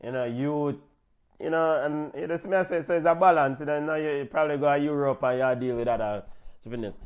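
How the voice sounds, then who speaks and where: Excitable Jamaican man hosting a match chat. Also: fairly high pitch, quick pace, smooth. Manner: excitable, shouts out names and big-ups. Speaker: football show host. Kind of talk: casual match watch-along chat.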